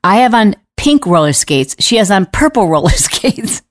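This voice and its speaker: A middle-aged woman hosting a podcast, telling a story in a casual, animated way and laughing now and then. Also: medium pitch, moderate pace, dry recording, studio quality. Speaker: podcast host.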